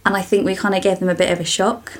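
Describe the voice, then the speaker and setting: A woman's voice: mid-range voice, level tone, very fast. A young woman co-hosting a podcast, telling rambling stories in casual chat and often giggling. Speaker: podcast co-host.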